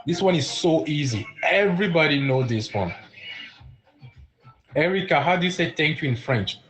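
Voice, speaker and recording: A man teaching a live-streamed beginner French lesson, repeating words slowly and chatting with viewers in the comments. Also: on the high side, lively intonation, fairly bright tone, soft background music, rough recording.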